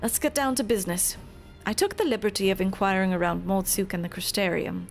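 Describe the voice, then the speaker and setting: A woman's voice: mid-range voice, fairly quick, vocal fry, soft background music, lightly acted. A woman voicing an adult male adventurer companion with a faint pirate lilt in a fan game voiceover. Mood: grave.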